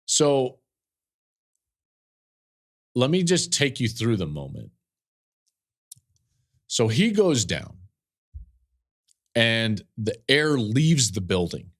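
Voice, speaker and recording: A man's voice: medium pitch, sing-song, drawn-out words, pauses often. A man hosting a podcast, telling a story in an earnest, emotional way with fillers and repeated phrases. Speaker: podcast host and football analyst.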